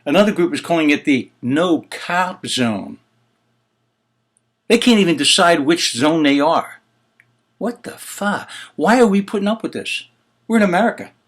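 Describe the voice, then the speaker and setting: This man hosts his own opinion show, his voice a little high, animated, and a touch slow. In heated commentary he rants indignantly and with exasperation, swearing and firing off rhetorical questions.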